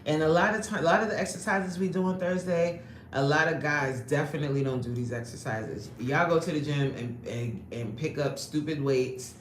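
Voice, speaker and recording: A woman's voice: deep voice, moderate pace. A woman fitness coach hosting a livestream, reading the chat aloud and joking brashly in streetwise slang. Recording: echoey room with faint ambient noise.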